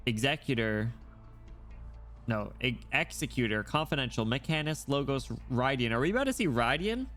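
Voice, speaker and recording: A man live-streaming as he reads a game story, breaking off into excitable reactions, laughing and swearing freely. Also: medium pitch, fairly quick, few pauses, soft background music.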